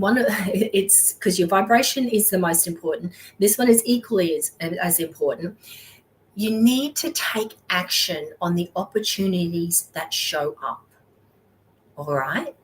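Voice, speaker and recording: A woman's voice: medium pitch, low-quality recording. A woman hosting a live motivational talk on money mindset, coaching with encouragement and often checking in with "okay?" and "all right?". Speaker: wealth mindset coach and host.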